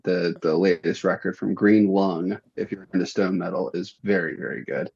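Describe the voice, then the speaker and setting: A man who is a metal fan, talking as a guest on a casual comedy podcast with dry, deadpan jokes. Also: low voice, moderate pace, creaky, breathy edge, dry recording, lo-fi sound. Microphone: headphones, remote line.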